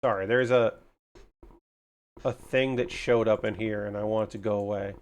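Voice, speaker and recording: A man's voice: on the low side, normal speed, pauses often, clear, resonant tone. Rambling, swearing male hobby streamer. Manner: rambling, muttering to himself, swears casually; excitable, gushing about kits. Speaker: livestreamer building model kits. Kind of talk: casual livestream chat.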